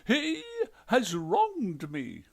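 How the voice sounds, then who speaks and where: An indignant ghostly widow, very high and creaky. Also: male voice, huge pitch swings, drawn-out words, darkish tone, full character voice. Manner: imperious, snapping. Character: furious vengeful ghost widow, haughty and shrill.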